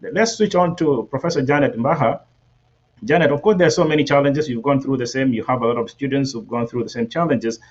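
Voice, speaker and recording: A man hosting and moderating a panel broadcast, steady and inviting, with some filler words. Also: mid-range voice, fairly quick, slightly rough. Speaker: host. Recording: dull lo-fi audio.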